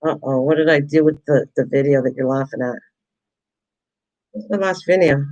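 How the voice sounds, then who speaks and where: A woman's voice: low-pitched, normal speed, darkish tone, muffled recording. Chatty woman crafting on camera. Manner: chatty, self-deprecating, talks to viewers in chat. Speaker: craft vlogger. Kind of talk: casual chat while crafting.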